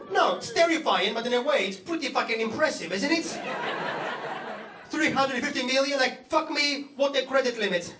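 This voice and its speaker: A young Greek-accented man doing stand-up, his voice pitched high for a man, heard in a roomy club from some distance off. He talks with sardonic, profane mock outrage. An audience hum sits behind him. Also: animated, normal speed. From Greece. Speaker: stand-up comedian. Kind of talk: stand-up comedy set. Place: comedy club stage. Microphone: stage microphone. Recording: roomy club sound from the audience, with crowd laughter. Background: audience ambience and laughter.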